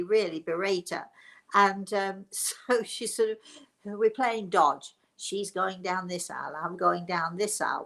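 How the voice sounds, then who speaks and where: A woman's voice: on the low side, vocal fry, pushed and bright, poor audio. An older woman from England, hosting a live stream as a spiritual medium and telling a rambling personal story with many restarts.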